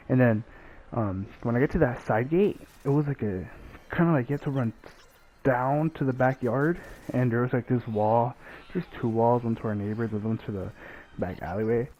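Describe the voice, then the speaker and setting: A man's voice: mid-range voice, rough recording. A young man recounts a near break-in in a casual, swearing storytime monologue. His voice sits in the middle range and jumps up when he acts out quotes. A faint noise runs underneath. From Mexican family. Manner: profane, animated retelling with acted quotes.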